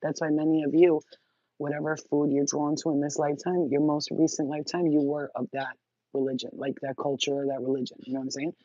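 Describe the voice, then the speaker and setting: A woman's voice: low voice, level tone, fast talker, warm tone, no room sound. Woman vlogger, crude and blunt, laughs a lot, dull dry muffled recording. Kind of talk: casual rambling monologue.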